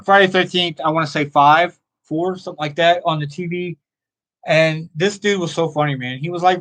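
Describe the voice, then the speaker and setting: A man with a slightly higher voice hosts a live stream. He rambles through chat comments and stories in a loose, animated way, with plenty of fillers along the way. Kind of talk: casual chat.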